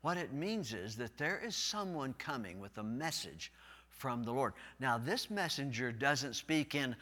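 A man, the pastor, preaching a sermon in a folksy, animated way, swelling loud on key words, in a church. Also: mid-range voice, a little slow. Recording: long hall reverb.

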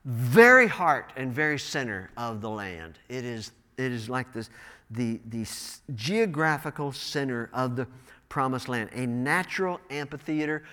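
Animated preacher man with high voice. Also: big-room sound. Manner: animated, rising to emphatic bursts. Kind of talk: sermon. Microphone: wearing a microphone.

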